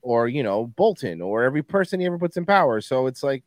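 A man's voice: mid-range voice, very animated, quick pace, dry recording, studio quality. A man co-hosting a podcast, talking in blunt, profane, jokey casual chat.

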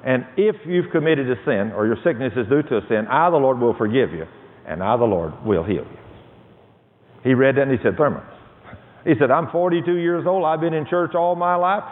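Preacher telling a testimony, tinny hall sound. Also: male voice, mid-range voice, a little fast. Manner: storytelling, dramatic quoted dialogue. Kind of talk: sermon testimony. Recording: tinny phone-like audio with long reverb.

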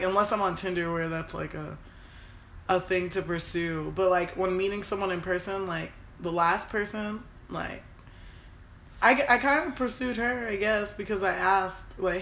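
A young woman chatting casually about her past, emotional and animated. She acts out quoted lines with sudden leaps in pitch and volume. The recording sits in an echoey room with a faint hiss underneath. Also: unhurried, pauses often. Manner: emotional, animated, quotes people in raised voices. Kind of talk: casual personal storytelling.

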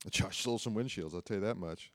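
A man's voice: on the low side, brisk, fairly bright tone. A middle-aged man preaching a sermon in a loose, conversational storytelling way, often repeating himself and adding asides. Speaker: pastor. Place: church auditorium.

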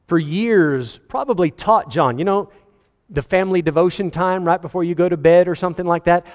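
A man preaching a sermon in an earnest voice, his pitch climbing high when he presses a point. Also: in a large hall. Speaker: pastor.

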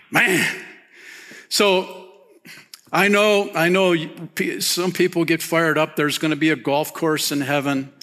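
A pastor preaching a sermon, casual and animated, peppering his talk with "man" and "you know". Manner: animated, rises high when excited, softens and drops low near the close.

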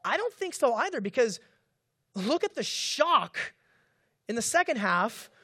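A male pastor preaching with a lively, rising and falling voice. He keeps asking the congregation questions and acts out the cries of people from scripture. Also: very high voice, measured pace, husky. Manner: animated, dramatizes the disciples' cries, asks the congregation questions. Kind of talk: sermon.

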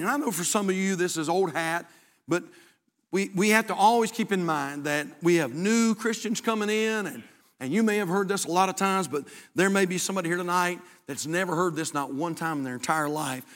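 A man's voice: high-pitched, brisk, fairly bright tone, long reverb tail. An older man preaching a sermon as pastor in a church, folksy and emphatic, repeating his key phrases. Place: church sanctuary.

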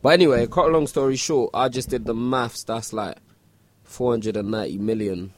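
A man's voice: mid-range voice, normal speed. A man, co-hosting a casual podcast chat in an easygoing, repetitive way. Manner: easygoing, repeats himself. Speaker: podcast co-host.

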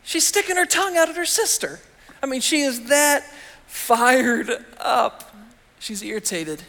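Man, pastor, high voice, conversational sermon, rhetorical questions, long church reverb. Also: expressive, a little slow, creaky, bright, forceful tone. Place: church sanctuary.

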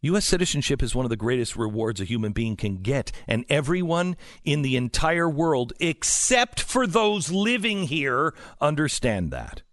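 A man's voice: mid-range voice, sing-song, moderate pace, few pauses, fairly bright tone, no echo, studio quality. A male talk show host delivering an opinionated political monologue, emphatic and sarcastic, full of rhetorical questions.

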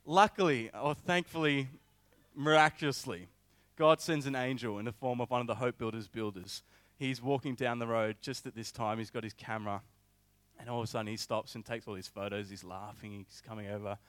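Animated young male preacher, dry sound. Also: medium pitch, brisk, no room sound. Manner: animated storytelling with filler words. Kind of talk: sermon with personal story.

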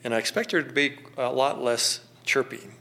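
Gravelly middle-aged man, gently reflective. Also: medium pitch. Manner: slow, gentle and contemplative, with pauses. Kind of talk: reflective personal storytelling.

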